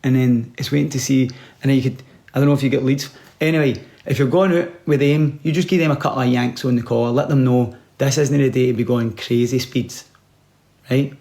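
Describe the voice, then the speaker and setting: A man giving rambling, deadpan comic advice, sometimes dropping to a whisper. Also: medium pitch, brisk, vocal fry. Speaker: comedian. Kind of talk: comic monologue.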